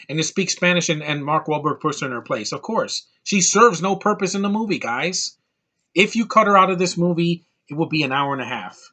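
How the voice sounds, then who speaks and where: A man's voice: a little high, sharp tone. A man giving a casual, blunt film review, ranting and exasperated about what he dislikes. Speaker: movie reviewer.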